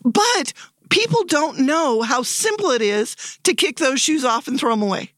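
A woman in her sixties, a podcast guest, telling stories in a lively way and acting out the voices she quotes. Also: sits high, moderate pace, no echo. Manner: lively, animated storyteller who acts out quoted voices. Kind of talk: casual podcast storytelling.

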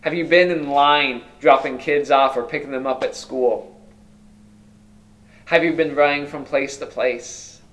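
A male pastor preaching a sermon, asking many rhetorical questions and moving between loud emphasis and hushed, quiet lines. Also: mid-range voice, steady tone, unhurried.

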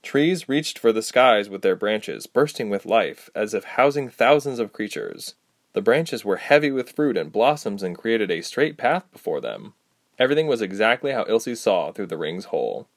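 Guy narrating a fantasy story, lowish voice, super expressive, dry mic. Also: moderate pace, dry recording. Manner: expressive, acts out each character.

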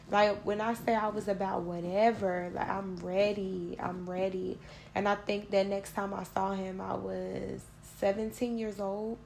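Flat, gravelly woman telling her story. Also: medium pitch, unhurried, a little hiss or hum. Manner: blunt, profane, conversational. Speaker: podcast host. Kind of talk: candid personal storytelling.

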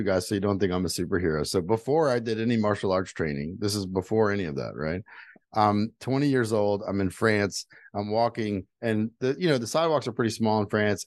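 This middle-aged man's voice sits on the low side, with lively intonation and a fairly quick pace as he earnestly recounts personal stories as a guest in casual conversation. There's no echo on the recording.

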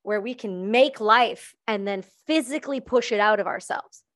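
A woman's voice: medium pitch, normal speed, fairly bright tone. A woman host in casual chat, candid and jokey, swearing freely.

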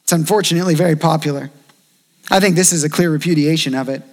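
A man in his thirties preaches a sermon in a relaxed, conversational tone. His voice sits fairly high for a man, and he acts out the figures he quotes. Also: fast. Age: 30s. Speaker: pastor.

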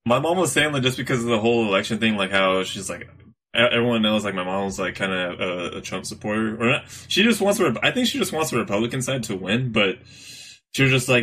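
A young man co-hosting a loose podcast conversation, laughing often and wandering through fillers as he talks. His voice is bright and a little husky. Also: fairly low pitch, lively intonation, fast. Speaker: podcast co-host. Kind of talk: casual chat.

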